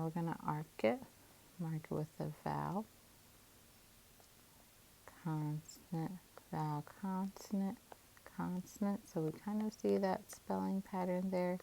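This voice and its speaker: Slow, gravelly-voiced woman teaching phonics. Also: lowish voice, slight background noise, rough recording. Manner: calm, methodical, sounds out syllables. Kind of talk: phonics lesson, syllable division.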